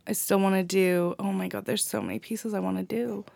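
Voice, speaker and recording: A woman's voice: mid-range voice, brisk, gravelly, darkish tone, no room sound. Woman podcast co-host, casual and enthusiastic, dry close-miked sound. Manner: rambling, enthusiastic, laughs often. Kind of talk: casual chat.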